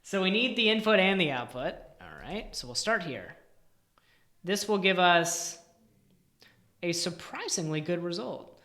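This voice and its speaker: A man's voice: high-pitched, very animated, measured pace, long pauses, bright, forceful tone. A man live-streaming as he codes, thinking aloud and muttering in exasperation, sometimes dropping almost to a whisper. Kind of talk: thinking aloud while coding. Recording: roomy echo.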